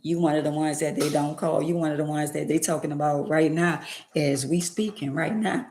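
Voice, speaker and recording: A woman's voice: low-pitched, fairly even intonation, brisk, darkish tone, reverberant. A woman vlogger giving an emphatic, preachy faith-based motivational monologue with lots of repetition.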